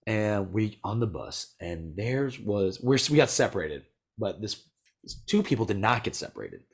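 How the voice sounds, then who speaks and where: A young American man chatting casually, telling a rambling story full of "like" and quick laughs. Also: on the low side, sing-song, gravelly, slightly rough. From United States. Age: young adult. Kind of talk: casual chat.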